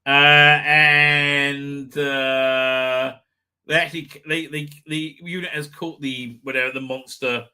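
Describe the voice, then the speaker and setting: A man reviewing a TV episode in a rambling, profane monologue, swinging from casual summary to exasperated shouted rants. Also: medium pitch, little pitch movement, slow pace, clean tone.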